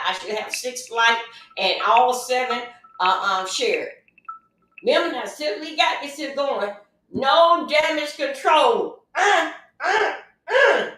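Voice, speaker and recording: A woman's voice: sits high, fairly bright tone. A woman hosting a casual livestream, chatty and emphatic, often repeating her phrases. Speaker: livestream host. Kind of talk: casual livestream advice talk. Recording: very echoey room, mic far off.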